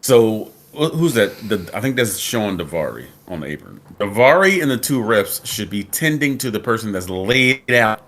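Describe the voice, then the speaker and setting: A man's voice: on the low side, big pitch swings, normal speed, few pauses, fairly bright tone. A man co-hosting a casual wrestling chat, chiming in with short remarks. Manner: brief interjections.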